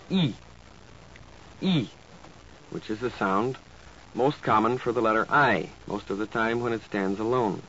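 A man teaching pronunciation in slow, carefully enunciated scripted narration, like an old instructional tape. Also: mid-range voice, a bit bright. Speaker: language teacher. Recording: dull lo-fi tape with faint hiss.

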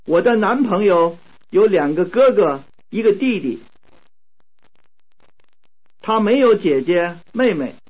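A man reading short model sentences slowly and carefully for language learners. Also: high voice, expressive. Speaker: language tape speaker. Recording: tinny narrow-band tape recording.

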